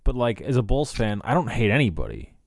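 A man's voice: mid-range voice, big pitch swings, fairly quick, creaky, dry recording, clean studio sound. A man chatting casually as a podcast co-host in a loose, opinionated way. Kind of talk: casual chat.

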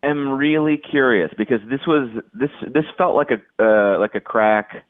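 A man's voice: medium pitch, moderate pace, no echo. A man chatting casually on a podcast, rambling with lots of restarts and "like"s. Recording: dry, tinny phone-like line.

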